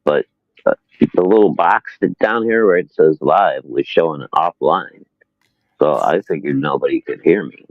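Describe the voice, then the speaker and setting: A man's voice: extremely low pitch, normal speed, no echo. A man co-hosting a casual livestream chat over a remote call, talking in a laid-back, hesitant way. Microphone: remote call audio. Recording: dull lo-fi remote call audio.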